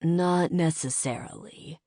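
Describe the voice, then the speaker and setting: A terse male secret agent, calm, slow and low, dry sound. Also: dry recording. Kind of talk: audiobook character voice.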